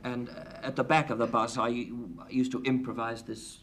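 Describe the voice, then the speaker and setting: A middle-aged talk show guest shares anecdotes in a dry, wry style, using a mid-range, fairly bright voice with a level tone and normal speed. The chat was recorded in a 1980 TV studio, with light hiss audible.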